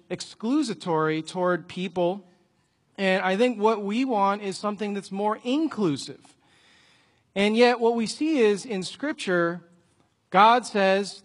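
This earnest preacher sits high in pitch as he works an illustrative story into his sermon, frequently lowering his voice to a gentle hush.

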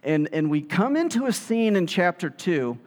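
A man preaching a sermon, telling the story in a lively way and acting out the quotes. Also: sits high, normal speed. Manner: animated storytelling, acts out quotes. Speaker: pastor. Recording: long hall reverb.

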